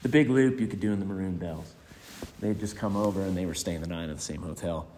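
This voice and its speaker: A man giving a eulogy with personal stories, reflective and hesitant, pausing often. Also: deep voice, a little mellow, slight background noise. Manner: reflective and hesitant, many pauses. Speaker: speaker at a memorial. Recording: long hall reverb.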